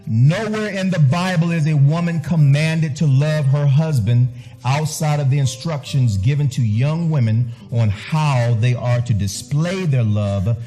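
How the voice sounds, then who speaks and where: A male pastor delivers an emphatic sermon, repeating words and phrases to drive his points home. His mellow, warm voice is a little high and a little slow, with soft music faintly behind him.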